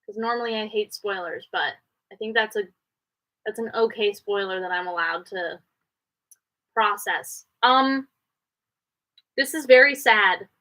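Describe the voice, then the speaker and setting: Her voice sounds pushed and bright, and the audio quality is poor. She's a Canadian livestream host taking viewer questions from a home studio, rambling chattily from thought to thought while her pitch jumps quickly.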